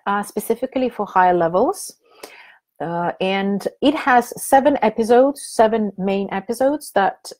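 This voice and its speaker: A woman's voice: mid-range voice, darkish tone. Chatty woman presenting a webinar. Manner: chatty, hesitant, many fillers and restarts. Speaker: teacher trainer presenting a webinar.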